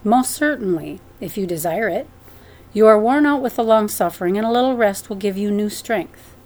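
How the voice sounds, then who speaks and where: A woman reading a gentle, kindly departed brother. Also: mid-range voice, expressive, moderate pace, lightly acted. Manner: gentle, soft-spoken. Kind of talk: audiobook reading.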